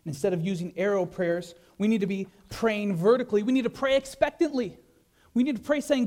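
A man pastor preaching a sermon, animated, with many rhetorical questions and repeated words. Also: high-pitched, fairly quick.

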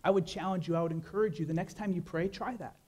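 A man pastor preaching a sermon, animated, with many rhetorical questions and repeated words. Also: sits high, fast talker.

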